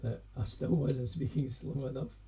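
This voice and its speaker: A Scottish singer-songwriter chatting casually on a live stream between songs, rambling and self-deprecating. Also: male voice, mid-range voice, normal speed, creaky, warm tone, husky. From Scotland.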